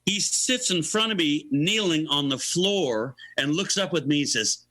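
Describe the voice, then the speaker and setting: A man in his sixties, a guest musician, telling a lively story in an interview and acting out the quotes. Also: fairly high pitch, a little slow, rough recording. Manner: animated storyteller, acts out quotes, laughs between lines.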